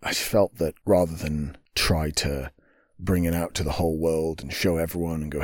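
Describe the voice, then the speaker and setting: A man hosting his own podcast, speaking in an earnest, low-key monologue that sometimes drops to a whisper. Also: fairly even intonation, moderate pace, a little mellow, dry recording, clean studio sound. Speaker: podcast host and author.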